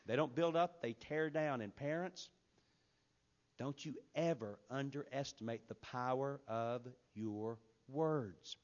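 A man's voice: medium pitch, slow, dull audio. Man preaching with emphatic swings. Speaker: pastor. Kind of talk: sermon.

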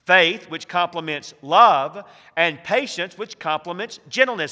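Emphatic preacher in a reverberant hall. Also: male voice, sits high, sing-song, sharp tone. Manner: emphatic preaching with slow, stressed phrases and swings in volume. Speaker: pastor. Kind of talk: sermon.

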